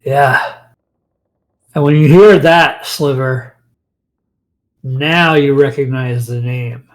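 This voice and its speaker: A man narrating a tabletop game as dungeon master, relaxed and pausing often with fillers. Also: mid-range voice, low-quality recording.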